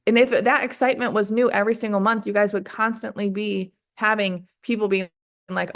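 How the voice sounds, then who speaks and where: A woman leading a motivational training call for her sales distributors, energetic and full of rapid rhetorical questions. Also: fairly high pitch. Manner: energetic, keeps calling the audience "you guys".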